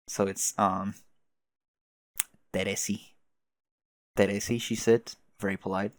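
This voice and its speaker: A man reading a webcomic aloud and reacting as he goes, excitable, swearing and laughing often. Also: fairly low pitch, normal speed, long pauses, no room sound. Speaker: webcomic reader.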